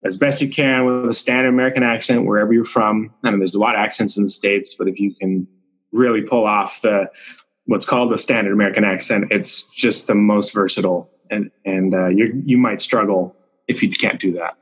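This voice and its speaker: Male actor guest, lowish voice, loose rambling chat, slightly muffled recording. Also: brisk. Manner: relaxed, rambling, with frequent restarts and fillers. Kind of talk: casual podcast chat. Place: Vancouver.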